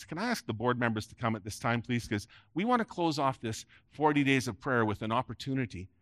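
A man's voice: medium pitch, animated, a little fast, few pauses, a bit bright, no room sound. Emphatic male preacher, dry close sound. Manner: emphatic preaching with rising peaks and dropping phrase ends. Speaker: pastor. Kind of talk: sermon. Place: church sanctuary before a congregation.

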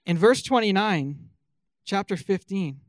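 High-voiced earnest preacher, dry sound. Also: male voice, expressive, unhurried, no room sound. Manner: earnest, emphatic preaching with rhetorical questions. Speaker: pastor. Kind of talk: sermon.

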